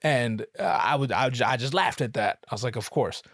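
A man's voice: mid-range voice, a little fast, a bit bright, no echo, clean studio sound. A man, a musician and photographer, telling a comic story in a rambling, profane, self-mocking way. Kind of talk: comedic storytelling.

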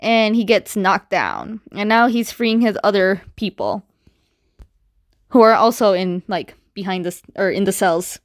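A woman casually recapping a comic book story, chatty and quick with asides, filling her retelling with "like". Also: mid-range voice, animated, dry recording, studio quality.

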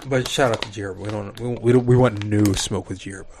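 A man's voice: on the low side, steady tone, fast talker, a little mellow, slight background noise. A man co-hosting a podcast in casual chat, blunt and dismissive in his opinions. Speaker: podcast co-host.

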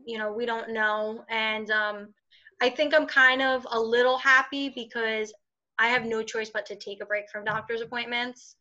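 A woman's voice: fairly high pitch, flat delivery, moderate pace, bright, forceful tone. A woman talking candidly in a casual conversation as an interview guest, chatty, with frequent fillers. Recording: dull lo-fi recording.

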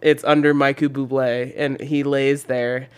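A young man co-hosting a podcast in casual chat, animated and laughing often, swearing freely and calling his co-host "dude". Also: mid-range voice, unhurried, smooth.

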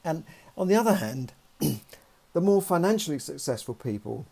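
A man's voice: fairly high pitch, big pitch swings, normal speed, creaky, mellow, breathy edge. A man, talking in a rambling, conversational monologue full of "you know" and restarts. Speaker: podcast host. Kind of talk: casual monologue.

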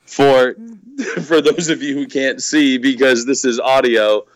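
A man's voice: medium pitch, steady tone, measured pace, no echo, rough recording. A man co-hosting a podcast, rambling and laughing a lot as he swears his way through casual wrestling chat. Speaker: podcast co-host.

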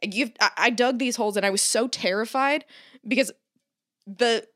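A woman chatting casually as a podcast co-host, an animated storyteller who swears often and acts out what people said. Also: fairly high pitch, normal speed, no echo, studio quality. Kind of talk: casual chat.

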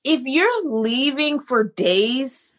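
A woman with a high, bright-toned voice speaks bluntly and with animated indignation. She chats casually, pushing her points hard. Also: very slow. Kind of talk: casual chat.

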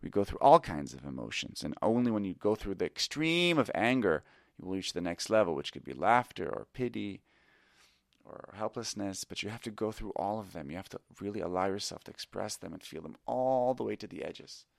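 A man's voice: on the low side, very animated, fairly quick, creaky, dry recording, clean studio sound. A middle-aged man who teaches improv tells a personal story in a reflective, candid and self-critical way. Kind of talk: confessional storytelling.

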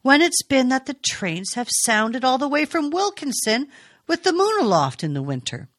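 Woman voicing Willard, a slow, musing farmer. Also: high-pitched, sing-song, a bit bright, dry recording, studio quality, voice pushed up, heavily acted. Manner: slow, halting, half questioning.

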